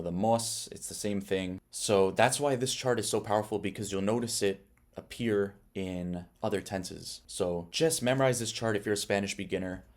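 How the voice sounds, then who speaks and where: A young man teaching Spanish in a relaxed online lesson, explaining patiently and putting questions to the viewer. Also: on the low side.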